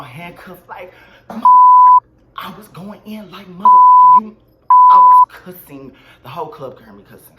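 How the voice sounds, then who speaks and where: A man telling a storytime vlog in an animated, slangy and dramatic way. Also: medium pitch, reverberant, slight background noise. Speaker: vlogger.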